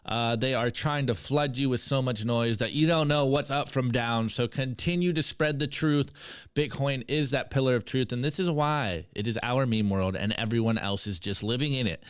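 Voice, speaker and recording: A male podcast host reading and reacting to memes in an energetic, hype way. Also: medium pitch, moderate pace, clean tone, no echo, clean studio sound. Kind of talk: meme review segment on a podcast.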